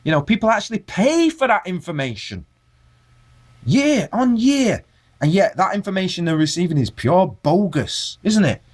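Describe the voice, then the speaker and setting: A man's voice: sits high, sing-song, moderate pace. A man delivering an impassioned video rant, preaching at his viewers and firing rhetorical questions at them. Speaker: vlogger.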